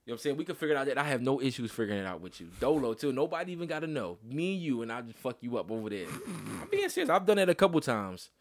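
A man's voice: mid-range voice, sing-song, rapid-fire. A man co-hosting a casual podcast chat, talking emphatically with lots of slang, profanity and insistent restarts. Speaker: podcast co-host.

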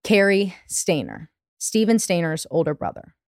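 A young woman with a lowish voice tells a true-crime story to her co-host, casual and full of swearing. She slips into quick put-on lines for the people in the story. The sound is close and dry, with no room around it. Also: wildly swooping pitch, no room sound. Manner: profane, chatty, acts out quotes. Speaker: podcast host.

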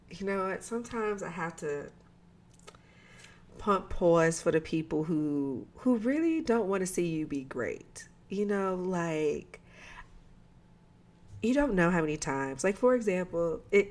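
Low-voiced, profane woman podcast co-host. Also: slow, pauses often. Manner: loose, profane and animated, with quoted asides. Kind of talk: casual chat.

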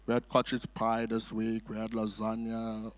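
A man's voice: fairly low pitch, monotone, moderate pace. A middle-aged man preaching as a guest in church, telling jokey stories with lots of "uh" fillers. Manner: chatty storytelling, jokey asides, many "uh" fillers. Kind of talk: sermon. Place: church sanctuary.

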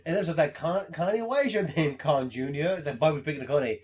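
A man co-hosting a podcast in casual chat, animated and swearing, laughing as he acts out quotes. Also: fairly high pitch, quick pace. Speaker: podcast co-host.

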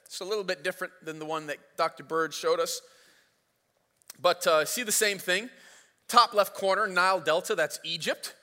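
A man's voice: sits high, moderate pace, bright, forceful tone. A man preaching a sermon as pastor, retelling the story in a casual, playful way. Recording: reverberant hall.

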